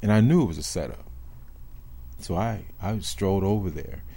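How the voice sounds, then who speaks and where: An older man with a very low voice tells a personal story in an interview, measured and deliberate, pausing to reflect. His tone is dark and mellow. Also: vocal fry, husky. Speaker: former police officer telling his story.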